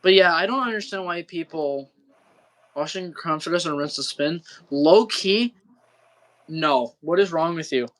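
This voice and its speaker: A man's voice: fairly high pitch, moderate pace, sharp tone. A young man, chatting loosely on a livestream, full of slang and swearing. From Wisconsin, US Midwest. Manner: rambling, slangy, swears a lot, keeps saying bro. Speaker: livestream co-host. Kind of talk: casual chat on a livestream.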